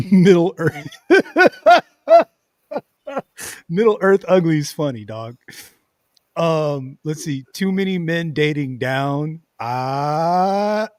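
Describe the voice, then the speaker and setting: A man's voice: on the high side, expressive, extremely slow, long pauses, darkish tone, no echo, clean studio sound. A man casually commenting on clips he watches, often breaking into laughter and muttering asides. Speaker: streamer reacting to clips.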